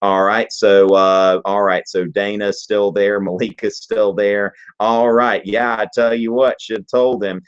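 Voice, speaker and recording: A man hosting a live history Q&A, explaining in an animated, joking, digressive way. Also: lowish voice, unhurried, few pauses, clean tone. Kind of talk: casual live-stream lesson. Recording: dull lo-fi stream audio.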